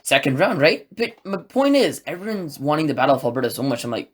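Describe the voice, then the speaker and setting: A man hosting a solo sports podcast, recapping a game in an excitable, rambling way and acting out his own reactions. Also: on the high side, quick pace, few pauses. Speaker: podcast host.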